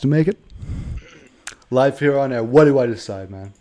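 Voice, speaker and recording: Man, game streamer host; excitable, swears a lot, over-the-top rants, mellow tone. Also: mid-range voice, normal speed, long pauses. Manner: excitable, profane, mock-dramatic rants. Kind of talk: casual livestream chat while gaming.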